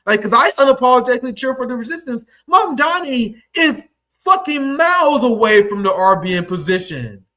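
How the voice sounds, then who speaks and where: A man's voice: high voice, sharp tone. A young man giving heated, profane political commentary, combative and mocking as he reacts to clips.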